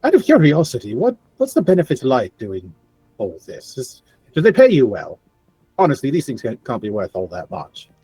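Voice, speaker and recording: Guy as a dry sarcastic professor, husky voice, bounces up and down a lot, dry sound. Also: mid-range voice, huge pitch swings, normal speed, dark tone, no echo, faint music behind. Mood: curious. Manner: dry, wry and sardonic. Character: dry, blasé male professor.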